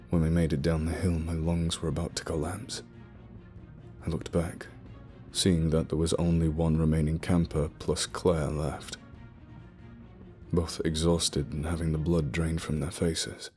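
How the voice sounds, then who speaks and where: A man narrating a spooky story in the first person, telling it in a steady, low-key way. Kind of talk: scripted horror narration. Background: soft music.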